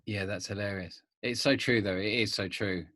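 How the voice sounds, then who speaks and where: A man in his fifties, a vlogger talking to camera in a rambling, animated way with many restarts. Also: on the low side, moderate pace, no echo. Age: 50s. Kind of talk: casual monologue to camera.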